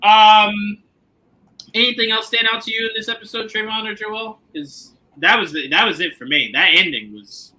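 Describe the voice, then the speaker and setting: A man hosting a casual TV recap chat, animated and joking, often slipping into comic impressions. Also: high voice, normal speed, rough recording. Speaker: podcast host.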